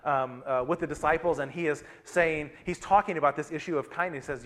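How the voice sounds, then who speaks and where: Here a middle-aged pastor talks fast with few pauses, his voice fairly high. His sermon feels conversational, moving between his own experiences and scripture while his volume keeps changing.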